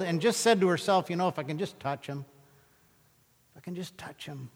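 A man delivering a sermon in a big space with a long reverb trailing each phrase. His voice sits a little on the high side for a man. He retells scripture scenes with lively, dramatic storytelling. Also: a little fast, pauses often. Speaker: pastor.

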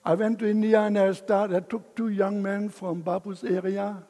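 A man's voice: sits high, flat delivery, moderate pace, mellow, big-room sound. An older man giving an emotional personal testimony as a missionary speaker, chuckling between lines.

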